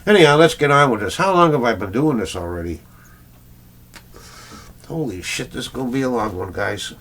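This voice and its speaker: A man's voice: medium pitch, expressive, a little fast, a bit bright, slight background noise. A middle-aged Canadian man, a record collector, chatting in a rambling casual vlog full of fillers and little chuckles.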